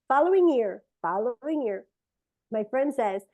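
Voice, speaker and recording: A middle-aged woman whose first language is Spanish tells a long personal story in casual, animated talk. Her voice sits a little high but has a mellow, warm tone. She leaps up into bright, excited tones when acting out what people said. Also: normal speed. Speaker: speaker sharing a testimony.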